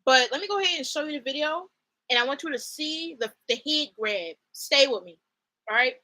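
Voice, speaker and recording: Young female streamer, gushing and rambling about her shows, sharp and bright in tone. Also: sits high, brisk, low-quality recording. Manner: excitable, rambling, gushing with fillers. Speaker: streamer chatting with viewers. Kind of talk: casual fan chat.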